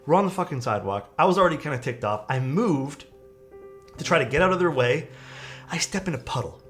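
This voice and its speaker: A man's voice: fairly high pitch, animated, a little fast, a bit bright, soft background music. A young man streaming from home, telling stories in a casual, laid-back way and swearing often.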